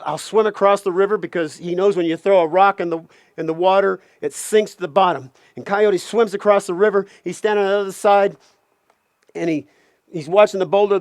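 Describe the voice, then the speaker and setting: A man telling a folk tale aloud, animated, with playful asides. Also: high voice, no echo, clean studio sound. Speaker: storyteller.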